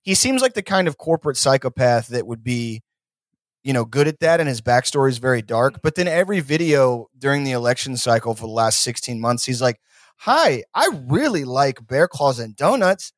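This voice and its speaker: A man's voice: medium pitch, brisk, dry recording, clean studio sound. Texan man riffing in casual podcast chat. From Texas. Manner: rambling, mocking impressions of politicians. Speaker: podcast guest.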